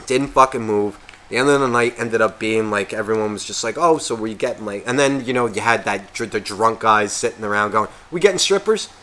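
A man co-hosting a podcast, telling a story in a casual, profane, animated way and acting out quotes. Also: fairly low pitch, a little fast. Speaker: podcast co-host.

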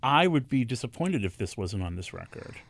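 A man's voice: medium pitch, big pitch swings, brisk, creaky, dry recording. A man hosting a radio interview, speaking in a casual, gushing, complimentary way with frequent fillers. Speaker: radio host. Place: radio studio.

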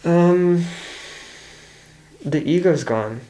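A man's voice: fairly high pitch, lively intonation, extremely slow, dark tone. Podcast guest, man in his twenties, candid, rambling, lots of restarts. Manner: rambling, swears freely, many restarts. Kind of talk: candid casual conversation.

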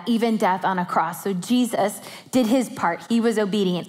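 A woman telling a family story as part of a sermon, lively and animated, acting out her children. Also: mid-range voice, in a large hall. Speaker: pastor's wife and co-speaker.

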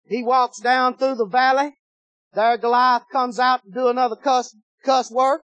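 A man preaching a sermon, telling a story in an animated, folksy way that swings between loud and low. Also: measured pace, no room sound.

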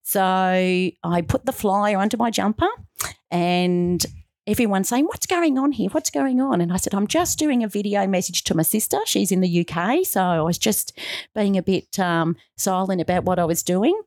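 A woman's voice: mid-range voice, normal speed, no room sound, clean studio sound. A middle-aged woman being interviewed as a guest, telling her story in an earnest, heartfelt way and acting out the dialogue she quotes. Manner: animated, acts out quoted dialogue.

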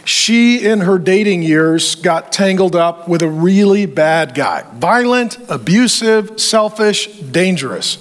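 A middle-aged male pastor preaches a sermon in a high, ringing voice, driving points home with punchy repeated phrases and slipping in dry humor.

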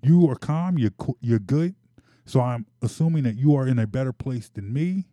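Exasperated sports talk host, mellow voice. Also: male voice, medium pitch, moderate pace, dry recording. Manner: exasperated, animated, repeats himself.

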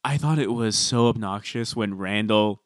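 A man co-hosting a casual reality TV recap, telling the plot in a relaxed, wry way with "uh" fillers. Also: fairly low pitch, normal speed, no room sound, clean studio sound. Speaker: podcast co-host.

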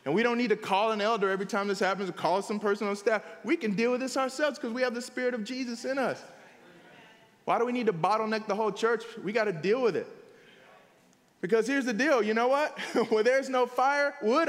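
A pastor preaches in a high, very animated voice that climbs and drops across the phrases. He talks to the congregation in a casual, emphatic way. The sound rings with the long reverb of a church hall. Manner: conversational, emphatic preaching with frequent "here's the deal". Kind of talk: sermon. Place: church sanctuary.

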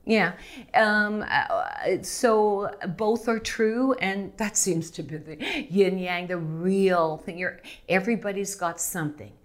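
A middle-aged woman from Montreal, a guest speaking frankly and with animation in an interview, often laughing and restarting her sentences. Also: fairly low pitch. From Montreal, Canada. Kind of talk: candid interview conversation.

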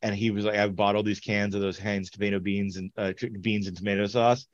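Speaking fairly quickly in a level, fairly low voice, a man co-hosting a podcast spins meandering, profane tales and laughs along the way. The recording has no room sound, and the highs are cut off.

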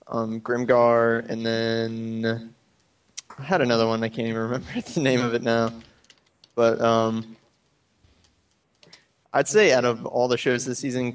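A man's voice: medium pitch, clear, resonant tone, recorded from a distance. Rambling young man, a bit off mic. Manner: hesitant, rambling with fillers and laughs. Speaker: anime podcast co-host. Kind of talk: casual group chat.

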